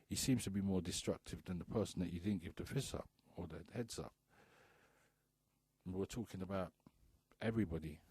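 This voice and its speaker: A man's voice: deep voice, darkish tone, husky, dry recording. A man hosting a radio talk show, ranting bluntly with profanity and hammering home repeated rhetorical questions. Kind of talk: impassioned radio monologue.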